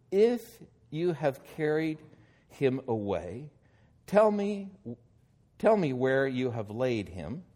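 A man's voice: mid-range voice, darkish tone. A man preaching a sermon, reading scripture aloud and then explaining it with growing emphasis.

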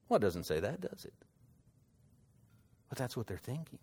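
A man preaching a sermon and reading scripture, unhurried, asking his listeners rhetorical questions. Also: medium pitch, very animated, a little mellow, slightly rough. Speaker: pastor.

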